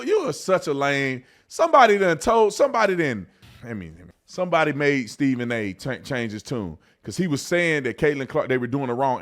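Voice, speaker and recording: A man hosting an online commentary video, ranting heatedly and swinging between shouting and low muttering.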